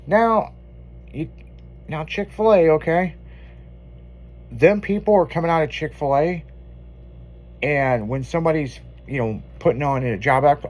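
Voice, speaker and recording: A man's voice: on the high side, a little slow, pauses often, darkish tone. A man hosting an afternoon radio show, telling loose, profane stories in casual banter. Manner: loose, profane storytelling with laughs. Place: radio studio.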